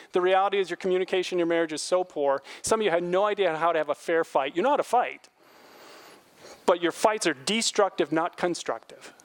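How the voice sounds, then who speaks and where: A man's voice: a little high, no room sound. A man preaching a sermon as a pastor, emphatic, repeating key phrases and asking the congregation rhetorical questions.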